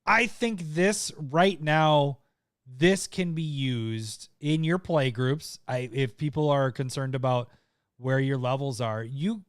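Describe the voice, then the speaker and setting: A man co-hosting a casual podcast chat, laughing often, excitable, often trailing off mid-sentence. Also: mid-range voice, slow pace, smooth, no room sound, studio quality. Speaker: podcast co-host.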